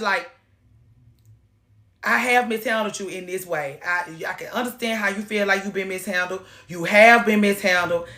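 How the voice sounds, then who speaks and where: A woman's voice: mid-range voice, fairly bright tone, roomy sound. Blunt, profane woman giving advice. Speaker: advice streamer. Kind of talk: live-stream advice chat.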